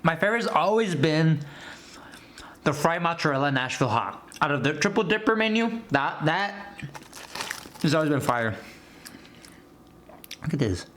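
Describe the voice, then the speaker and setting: This is a male food vlogger talking straight to his audience with his mouth half full, breaking off for bites and little food noises. His voice sits a touch high for a man and swings up and down a lot. A faint background ambience stays under his casual chatter. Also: expressive, moderate pace, long pauses, a bit bright, slight background noise. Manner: chatty, talks to viewers as "guys" while eating; eats between lines with food noises. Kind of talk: casual mukbang chat and movie review.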